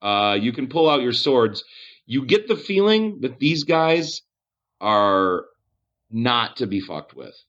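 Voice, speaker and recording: A man's voice: medium pitch, sing-song, slow, fairly bright tone, muffled recording. A man narrating as game master of a tabletop game, casual and swearing, laughing often.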